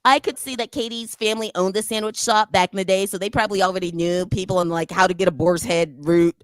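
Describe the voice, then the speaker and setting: A woman's voice: mid-range voice, fairly even intonation, fast talker, no echo. A woman on a panel giving opinionated, conversational commentary on reality TV gossip. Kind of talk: casual pop culture chat.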